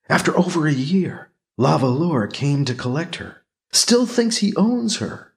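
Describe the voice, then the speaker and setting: A man narrating a science fiction audiobook in a dramatic, expressive reading. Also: on the high side, measured pace, vocal fry, breathy edge, no echo, clean studio sound. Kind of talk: audiobook narration, acting out scenes.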